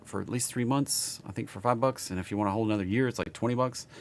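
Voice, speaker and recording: A man's voice: fairly low pitch, fast talker, few pauses. A man with a Southern accent, casually reading stock charts on a live stream and chatting with viewers.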